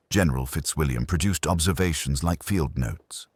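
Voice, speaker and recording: A man narrating a classic detective mystery in a measured, expressive reading. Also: rumbling low, husky, no room sound. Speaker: audiobook narrator.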